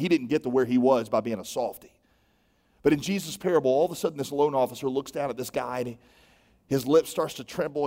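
High-voiced man preaching in a hall. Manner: animated storytelling with acted-out dialogue. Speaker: pastor. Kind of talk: sermon. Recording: long hall reverb.

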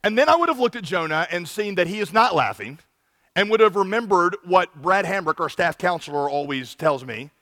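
High-voiced man preaching in a hall. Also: fairly quick. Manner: animated, acts out quoted voices with big jumps in volume. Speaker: pastor. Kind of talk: sermon.

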